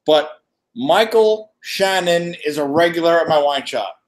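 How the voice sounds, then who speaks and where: Animated man telling a story. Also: a little high, a little slow. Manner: animated storyteller, acting out dialogue. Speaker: co-host. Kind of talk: casual chat on a live stream. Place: wine shop after hours, dim lighting.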